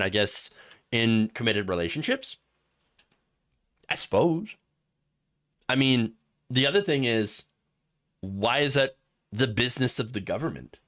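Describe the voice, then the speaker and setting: A man hosting a live political commentary show, sarcastic and animated, laughing at his own jokes. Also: medium pitch. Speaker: host.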